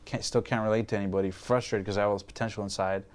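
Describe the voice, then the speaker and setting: A man's voice: fairly low pitch, fairly even intonation, very fast, smooth. A man in his twenties, a podcast guest, telling his personal story candidly, swearing freely and acting out his past thoughts. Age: 20s.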